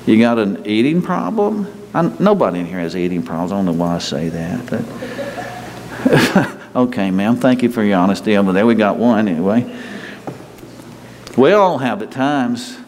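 This pastor's voice is lowish and darkish, animated, at a moderate pace with frequent pauses. He preaches a folksy, conversational sermon in a church sanctuary, joking with the congregation, amid long hall reverb and faint ambient noise.

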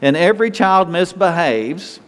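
A man's voice: high voice, expressive, measured pace, clean tone. A male pastor preaching a conversational sermon, with self-talk and quoted prayers, to a church congregation. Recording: long hall reverb.

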